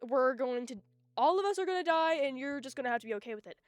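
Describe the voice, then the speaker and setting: A woman's voice: sits high, animated, fast, no room sound. A woman putting on a falsely sweet voice for a smug, manipulative female toy character. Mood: dismissive.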